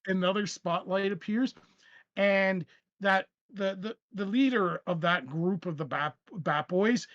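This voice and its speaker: A man running a tabletop game as its game master, theatrical and quick to laugh. His voice sits high and he narrates unhurriedly. The recording is dry and a bit dull. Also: fairly bright tone, dry recording. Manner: theatrical, laughs often, frequent fillers.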